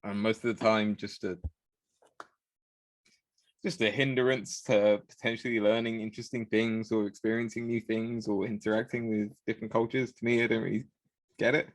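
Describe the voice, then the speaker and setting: A man's voice: lowish voice, flat delivery, moderate pace, no room sound. Hesitant, rambling British man. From Britain. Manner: rambling, hesitant, full of fillers and restarts. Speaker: podcast co-host. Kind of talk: casual round-table chat.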